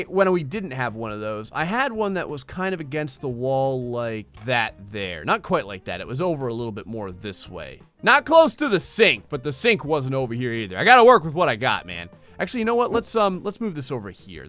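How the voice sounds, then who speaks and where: A man casually commentating a video game, excitable and chatty, often talking straight to his viewers. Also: medium pitch, a little fast, faint music behind. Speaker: gameplay video host. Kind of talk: casual let's-play commentary.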